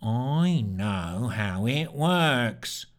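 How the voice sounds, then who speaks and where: A man voicing a dull, monotonous, rat-like man who mutters slowly and sneers while nobody listens. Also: mid-range voice. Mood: dull, sneering. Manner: slow, sneering, flat muttering.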